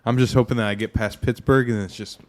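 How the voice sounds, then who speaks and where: A man's voice: medium pitch, steady tone, fast. A laid-back man, a podcast guest who talks casually and often answers briefly. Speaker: guest, photographer. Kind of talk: casual chat.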